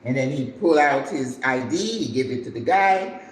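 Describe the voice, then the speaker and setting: An older woman hosting a cooking channel, telling a story in a lively, dramatic way as she cooks and acting out the people in it. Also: extremely low pitch, moderate pace. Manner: animated, dramatic storyteller who acts out the people in her story. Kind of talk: casual storytelling while cooking. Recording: echoey room with faint background noise.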